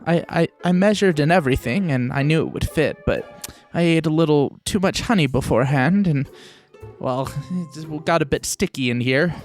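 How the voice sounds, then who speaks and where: A man voicing a gentle, polite, slow-witted teddy bear who rambles and stammers. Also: fairly high pitch, soft background music, natural voice. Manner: polite, rambling, mildly muddled.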